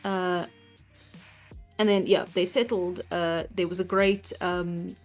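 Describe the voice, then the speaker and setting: A woman's voice: fairly low pitch, fairly even intonation, slow pace. Chatty South African woman streamer. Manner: chatty, laughs often, many fillers. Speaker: livestream host. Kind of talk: casual chat, reading out chat comments. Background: faint background music.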